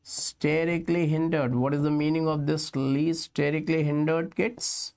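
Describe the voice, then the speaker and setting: A man with an Indian English accent teaching a chemistry lecture, explaining slowly and repeating key points while calling his students kids. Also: fairly high pitch, fairly even intonation, a little mellow. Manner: slow, repetitive explaining, addressing students as kids. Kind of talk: exam-prep lecture.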